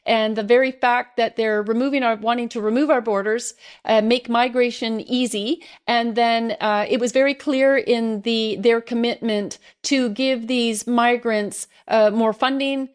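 A Canadian woman hosting an online show, talking earnestly to her viewers with many pauses and fillers. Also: on the high side, steady tone, clear, resonant tone. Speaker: host. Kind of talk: direct-to-camera commentary.

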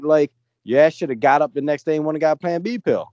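A man's voice: on the high side, fast, few pauses, warm tone, no room sound, highs cut off. A man co-hosting a casual podcast chat, blunt and mocking. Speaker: podcast co-host.

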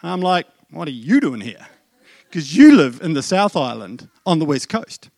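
Middle-aged New Zealand-accented man preaching a story-led sermon; lively, self-deprecating, higher-pitched, dry close mic. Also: normal speed, creaky, dry recording. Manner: animated, self-deprecating storytelling with asides to the congregation. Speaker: pastor. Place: church.

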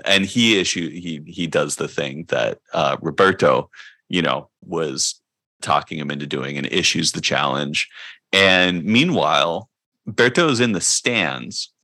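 A man co-hosting a podcast, recapping comics in relaxed casual chat with enthusiastic slang. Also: extremely low pitch, a little slow, no room sound. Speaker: podcast co-host.

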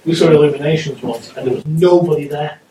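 A man telling a slow, dry anecdote to a live audience. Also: on the high side, steady tone, background noise. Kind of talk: casual storytelling to a live audience. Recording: distant mic, echoey, loud crowd.

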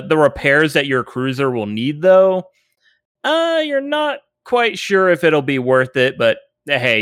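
A man running a tabletop role-playing game, narrating scenes with many pauses and filler words. His voice is smooth and resonant, recorded dry and close. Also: mid-range voice, a bit bright, no echo. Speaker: game master.

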